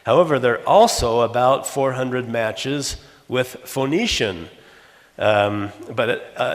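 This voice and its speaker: An older man from Los Angeles giving an academic conference lecture, explaining by example and often correcting himself mid-sentence. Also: medium pitch. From Los Angeles, USA. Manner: explanatory, works through examples, frequent self-corrections. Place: conference hall. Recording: long reverb of a conference hall.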